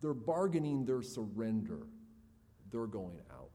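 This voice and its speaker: A man preaching with a mellow, darker voice. He explains the scripture earnestly and lifts his voice on key points. The sound carries the long reverb of a large hall. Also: fairly low pitch, sing-song, measured pace, a little hiss or hum. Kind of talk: sermon.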